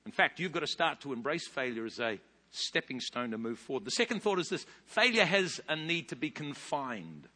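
Bright-voiced New Zealand pastor preaching. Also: male voice, a little high, moderate pace. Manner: animated storytelling with big loud rises. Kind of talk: sermon. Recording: long hall reverb.

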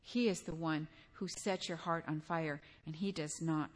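A woman's voice: sits low, steady tone, a little slow. An older woman preaching a sermon in a conversational way, weaving in personal stories and asking her listeners direct questions.

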